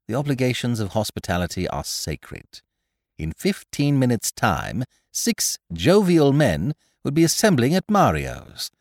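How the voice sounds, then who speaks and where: A man narrating a story in a wry, expressive reading. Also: mid-range voice, unhurried, no room sound, studio quality. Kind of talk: scripted audiobook narration.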